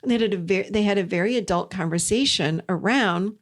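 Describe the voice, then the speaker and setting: Woman, podcast host, relationship coaching talk, earnest, emphatic, repeats key points, mid pitch. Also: a little fast. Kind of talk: storytelling self-help talk.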